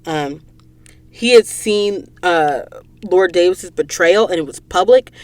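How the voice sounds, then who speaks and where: A woman hosting a podcast and recapping a book in a casual, animated way, acting out the characters' lines while sniffling from allergies. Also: on the low side, slow, dry recording. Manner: animated storyteller, acts out quoted lines. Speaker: podcast host. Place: recording booth.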